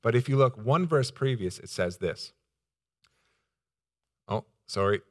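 A man's voice: medium pitch, animated, a little slow. A male pastor preaching a sermon, voice rising with emphasis when he acts out quotes.

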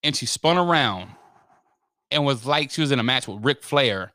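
Animated swearing storyteller man. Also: mid-range voice, normal speed, dry recording, clean studio sound. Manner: animated, swearing storyteller who acts out quotes. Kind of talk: comedic storytelling chat.

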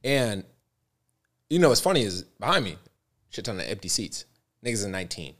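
A man with a very low voice tells a story with lively, loose energy. He swears freely and talks in an easy chat. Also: a little fast, long pauses. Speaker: podcast co-host. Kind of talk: casual chat.

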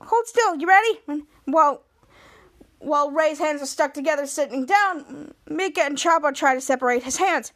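Woman, podcast host, very high pitch, excited rambling retelling, plays out characters. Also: moderate pace. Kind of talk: casual episode recap.

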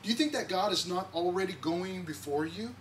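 A man preaching as a pastor in a church, with an excitable, conversational delivery full of restarts and asides. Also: high-pitched, a little fast. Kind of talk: sermon. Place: church sanctuary. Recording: distant mic, faint background noise.

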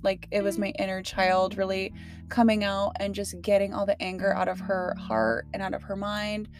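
A woman's voice: medium pitch, normal speed, music in the background. A young woman hosting her podcast from her car, talking casually and emotionally with lots of fillers. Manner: chatty, emotional, many fillers and laughs. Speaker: podcast host. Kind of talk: casual heartfelt podcast talk.

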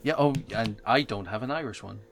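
A man co-hosting a podcast, retelling a book in a rambling, hesitant way that trails off softly. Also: lowish voice, brisk, creaky, crowd noise. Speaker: podcast co-host. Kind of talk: casual chat, retelling a book.

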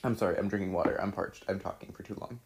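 Talking fast in a deep voice, a young man reads his old social media posts during a casual chat. His reactions are excitable, full of laughing and swearing.

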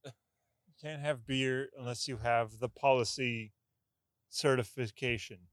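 A man's voice: medium pitch, steady tone, takes it slowly, no echo. A man co-hosting a casual podcast, talking in a profane, sarcastic rant. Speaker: podcast co-host. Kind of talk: casual chat.

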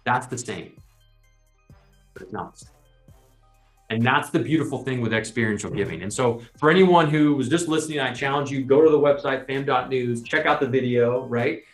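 A man co-hosting a podcast, explaining his point in a lively, persuasive way and often adding "right?". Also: medium pitch, moderate pace. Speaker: podcast co-host. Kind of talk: casual conversational explaining. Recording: roomy sound with faint music.

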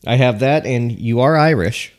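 A man's voice: mid-range voice, moderate pace. A man co-hosting a casual podcast, joking and teasing his wife. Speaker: podcast co-host. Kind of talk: casual chat.

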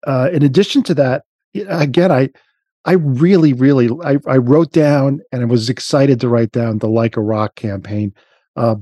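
Mellow-voiced man chatting casually. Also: mid-range voice, dry recording, studio quality. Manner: rambling, frequent restarts and fillers. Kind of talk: casual chat.

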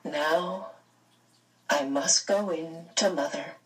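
A woman doing a grave, low-voiced father. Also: takes it slowly, fairly bright tone, far from the mic. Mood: grave warmth. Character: grave, gentle father, middle-aged man.

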